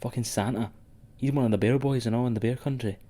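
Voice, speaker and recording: A man's voice: medium pitch, fairly even intonation, quick pace, mellow. A man co-hosting a wrestling podcast in sweary, rambling casual chat. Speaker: podcast co-host.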